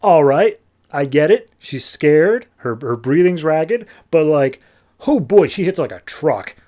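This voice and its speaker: A man voicing a calm, confident male superhero who talks in a reassuring, easygoing way. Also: a little high, unhurried.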